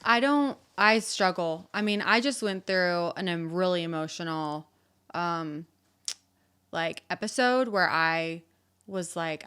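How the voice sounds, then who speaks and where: A woman's voice: on the low side, expressive, slow pace, fairly bright tone, clean tone. A woman in her thirties, a podcast guest, talking candidly and reflectively in casual chat, with lots of fillers.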